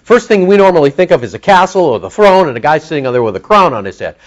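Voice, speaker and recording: Animated preacher man, lively pitch. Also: fast talker, lo-fi sound. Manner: animated teaching, rhetorical questions to the congregation. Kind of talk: sermon.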